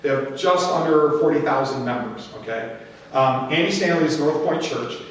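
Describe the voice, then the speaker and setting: A man's voice: a little high, moderate pace. Middle-aged man speaking in an echoing hall. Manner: storytelling, animated, acts out quoted voices. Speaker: conference speaker. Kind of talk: church conference talk with anecdotes. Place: large hall. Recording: echoey hall, distant mic.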